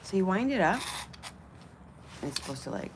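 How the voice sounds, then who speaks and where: A woman's voice: lowish voice, very animated, a little fast, noisy background. A woman hosting a casual livestream, chatty, swearing freely, cooing over small objects and sometimes dropping into a whisper. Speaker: livestream host.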